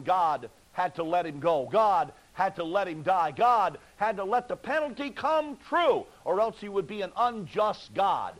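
A high-pitched man preaches a fervent sermon from the pulpit, pleading with his listeners through repeated rhetorical questions, on a rough recording.

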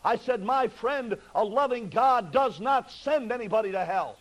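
High-voiced man preaching a fervent sermon. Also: animated, moderate pace, rough recording. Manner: fervent, pleading preaching with rhetorical questions.

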